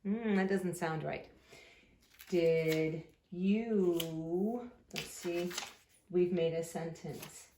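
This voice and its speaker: A woman teacher giving a slow, sing-song phonics lesson to young children, drawing words out patiently. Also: on the low side, mellow, roomy sound, slight background noise.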